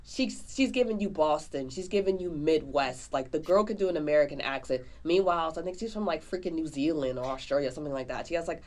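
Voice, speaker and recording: A woman co-hosting a podcast, reviewing a movie in casual, animated chat full of slang. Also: deep voice, fast talker, hardly any pauses. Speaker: podcast co-host.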